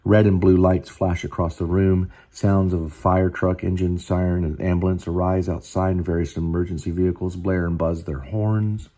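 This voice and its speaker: A man's voice: sits low, flat delivery, moderate pace, few pauses, dark tone. A man reading his own screenplay aloud, stopping often to explain and think aloud.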